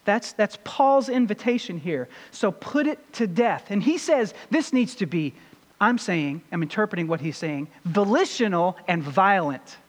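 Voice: mid-range voice, animated, a little slow, long reverb tail. A pastor preaching a sermon with emphasis and putting rhetorical questions to the congregation.

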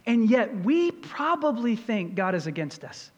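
A middle-aged man preaching a sermon as pastor, earnest and storytelling, rising in pitch and volume for emphasis. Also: sing-song, a little slow, in a large hall, muffled recording.

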